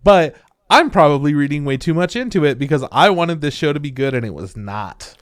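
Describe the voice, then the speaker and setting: A man's voice: on the high side, animated, fairly quick, no room sound, clean studio sound. A man co-hosting a casual anime review podcast, blunt and casually swearing. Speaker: podcast co-host.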